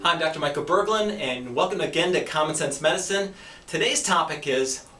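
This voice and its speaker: A man's voice: fairly high pitch, fairly quick, loud music behind the voice. A man, a doctor hosting a health series, giving a casual educational talk and acting out little quoted exchanges. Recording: echoey room, distant mic.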